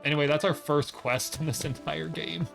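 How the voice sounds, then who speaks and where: A man's voice: on the high side, steady tone, normal speed, gravelly, fairly bright tone, soft background music. A man streaming a video game, joking in casual commentary and reading the dialogue aloud in silly voices.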